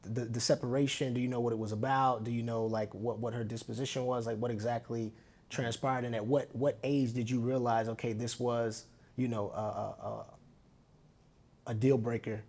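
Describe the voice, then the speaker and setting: A man at a middle pitch hosting a casual podcast interview. He asks long questions that wander and restart, and he backs the guest with quick affirmations. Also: flat delivery, a little mellow. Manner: frequent short affirmations, rambling questions. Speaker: podcast host.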